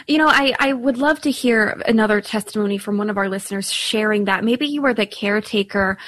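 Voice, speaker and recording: A woman's voice: medium pitch, a little fast, fairly bright tone, dry recording. A woman hosting a call-in radio show, asking earnest, friendly questions and inviting listeners to call.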